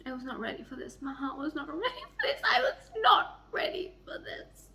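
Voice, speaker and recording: A woman's voice: high voice, brisk, vocal fry, a little hiss or hum. A young woman gushing and swearing as she reads quotes from a romance novel in a casual reading vlog at home. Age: young adult. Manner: excitable, swears a lot, gushes over characters. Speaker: book vlogger. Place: home room by a heater.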